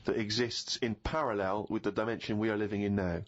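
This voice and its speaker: A man's voice: lowish voice, fairly even intonation, brisk. A middle-aged man co-hosting a casual podcast, explaining ideas at length and telling self-mocking stories. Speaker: podcast co-host. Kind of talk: casual chat. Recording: slightly dull podcast audio.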